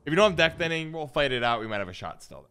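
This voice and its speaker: A man's voice: a little high, very animated, rapid-fire, sharp tone, clean tone. A man streaming a card game, chatting playfully with his viewers and answering chat as he plays. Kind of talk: casual live-stream gameplay commentary.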